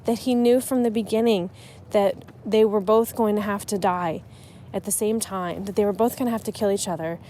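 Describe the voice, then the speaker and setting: Mellow-voiced chatty woman podcaster. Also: mid-range voice, steady tone, moderate pace, few pauses, a little hiss or hum. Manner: chatty and emotional, with frequent restarts. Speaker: podcast host on writing. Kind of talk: casual solo podcast talk.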